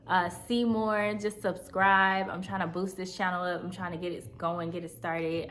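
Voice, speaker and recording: In a fairly low but slightly bright voice, a Southern Californian woman in her thirties recounts her life story for her vlog audience. Her manner is chatty and confiding, with frequent check-ins with viewers.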